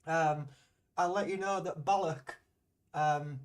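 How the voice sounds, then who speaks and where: A man's voice: fairly high pitch, fairly even intonation, slow pace, distant mic. A man from Yorkshire with a mild Yorkshire accent, chatting casually with his live-stream viewers in a rambling way while he plays a game. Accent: mild Yorkshire English. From Yorkshire, England. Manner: chatty and rambling, answers chat between plays.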